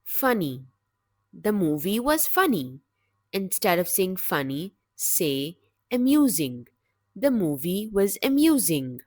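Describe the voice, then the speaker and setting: Slow, lively-voiced woman teaching vocabulary. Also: fairly low pitch, dry recording, studio quality. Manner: measured, clear word-by-word delivery. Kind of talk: slow, deliberate scripted vocabulary lesson.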